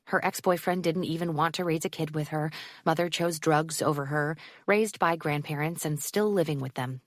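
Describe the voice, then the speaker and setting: Low-voiced woman reading an audiobook. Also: moderate pace, dry recording, studio quality. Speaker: audiobook narrator. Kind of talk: scripted narration.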